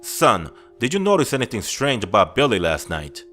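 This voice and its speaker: A man's voice: on the low side, wildly swooping pitch, normal speed, sharp tone, faint music behind, full character voice. A man playing a curt small-town sheriff. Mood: dismissive. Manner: curt and dismissive.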